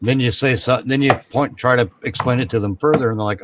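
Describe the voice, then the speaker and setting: A man's voice: mid-range voice, fast talker, few pauses, muffled recording, background noise. A man co-hosting a podcast in casual chat, rambling, repeating and restarting his phrases as he goes. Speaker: podcast co-host.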